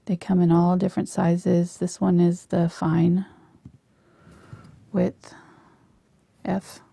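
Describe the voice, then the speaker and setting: A woman teaching a live painting lesson on a lapel mic, soft-spoken and often dropping to a near whisper as she works. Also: fairly low pitch, level tone, slow, gravelly, husky, no room sound. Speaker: painting instructor.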